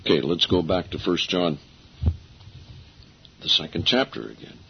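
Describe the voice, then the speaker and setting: A man preaching a sermon and reading scripture aloud, emphatic, slowing down to stress key phrases. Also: low voice, lively intonation, creaky, slight background noise. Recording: dull lo-fi recording.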